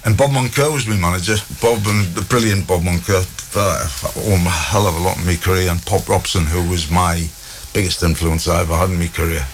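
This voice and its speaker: A middle-aged man with a North East England accent, a guest telling lively anecdotes in an interview. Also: sits low, brisk, few pauses, slight background noise. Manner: lively storyteller, animated quoted dialogue. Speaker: guest, former footballer.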